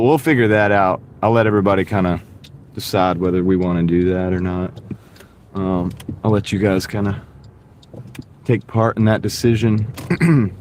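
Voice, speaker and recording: A man's voice: sits low, a little mellow. A man chatting casually to live-stream viewers while driving for deliveries, rambling and restarting his phrases, on a clip-on mic inside his car. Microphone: wireless clip-on mic. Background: faint car noise.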